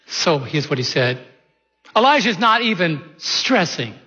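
A man with a high, bright, forceful voice preaches a folksy sermon, asking his listeners question after question. His voice carries through a church sanctuary with a long reverb tail, and the recording sounds slightly muffled. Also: big pitch swings, unhurried, husky. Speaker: pastor.

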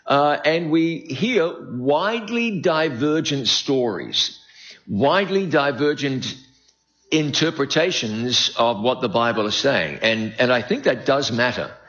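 A man's voice: medium pitch, fairly bright tone, dull audio. Older New Zealand-accented man preaching. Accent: New Zealand, softened by decades in America. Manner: folksy, self-deprecating humor with the audience. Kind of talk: prophecy seminar sermon.

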